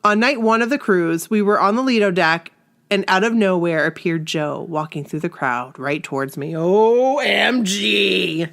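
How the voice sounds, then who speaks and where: Female podcast co-host, casual and animated, reads listener stories aloud with bursts of excitement. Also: moderate pace. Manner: animated, laughs often, jumps into high exclamations. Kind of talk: casual chat, reading aloud.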